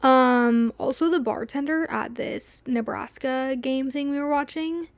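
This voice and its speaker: A young woman hosting a podcast, telling a story in a rambling, animated way with many quoted asides. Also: high voice, measured pace, no echo. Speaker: podcast host. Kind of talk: casual solo storytelling.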